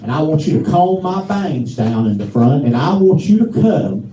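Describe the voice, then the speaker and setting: A man's voice: fairly high pitch, sing-song, mellow, a little hiss or hum. A comedian acting out a demanding middle-aged woman customer who gives bossy orders to her hairdresser. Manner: bossy, giving rapid orders. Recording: roomy live room from a distance.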